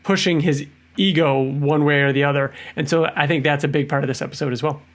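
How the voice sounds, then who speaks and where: A man co-hosting a podcast, chatting casually and acting out quotes in a raised voice. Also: fast talker. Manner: animated, acts out quotes in a higher voice. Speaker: podcast co-host. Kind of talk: casual chat.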